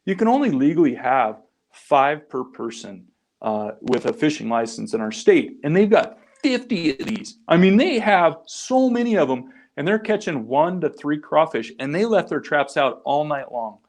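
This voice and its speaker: A middle-aged man, founder of a crayfishing group, is a guest on a podcast, telling casual stories in a rambling, anecdotal way. His voice is a little high and very animated at a moderate pace, and he restarts often and slips in little acted-out quotes.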